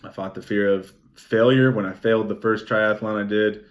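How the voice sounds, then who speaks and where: A young man recapping his race in a vlog, excited and rambling, swearing freely and saying "like" often. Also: on the low side, moderate pace, lo-fi sound. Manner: excited, rambling, swears a lot, many "like" fillers. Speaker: vlogger.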